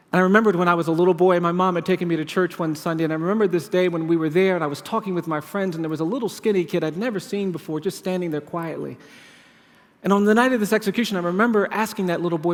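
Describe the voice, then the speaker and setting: A man delivers a storytelling keynote from a large conference hall, and his words ring out with a long reverb. His voice sits fairly high for a man, and he builds each point through measured, repeated phrases. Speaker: keynote speaker at a leadership conference.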